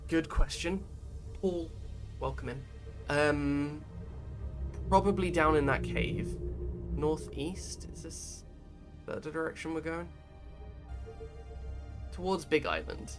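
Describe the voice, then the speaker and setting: A man's voice: fairly high pitch, takes it slowly, long pauses. Chatty man streaming a game. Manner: chatty, rambling, reads chat aloud. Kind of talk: casual gameplay commentary. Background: game music.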